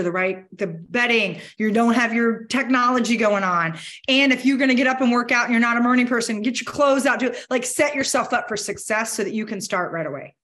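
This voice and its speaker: A woman giving a motivational talk to a business networking group, energetic and candid, with casual swearing. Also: a little high. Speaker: motivational speaker. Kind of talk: conversational keynote talk.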